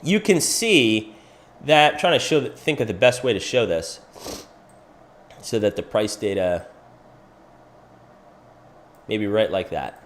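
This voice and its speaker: A man's voice: fairly low pitch, slow pace, pauses often. A middle-aged man from Pennsylvania hosting a crypto livestream, walking through price charts and answering viewers in chat by name. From Pennsylvania, USA. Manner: animated, talks to viewers by name. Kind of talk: live chart analysis with chat questions.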